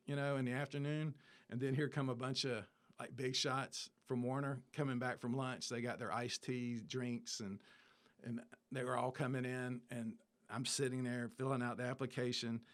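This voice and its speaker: A man in his fifties, an interview guest, telling a long story in casual chat and acting out the people in it. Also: medium pitch. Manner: animated storyteller, acts out dialogue.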